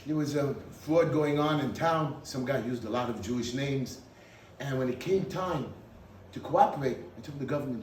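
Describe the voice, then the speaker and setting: A man giving a speech at a party, telling a dramatic story with an animated delivery. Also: medium pitch, normal speed, hardly any pauses, slight background noise. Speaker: speaker at a party. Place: event hall. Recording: echoey hall, mic from far off.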